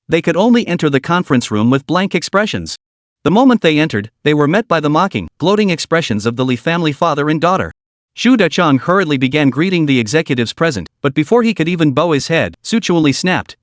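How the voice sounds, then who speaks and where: A man narrating a scripted story recap with dramatic, expressive delivery. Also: on the high side, a little fast, dry recording, clean studio sound.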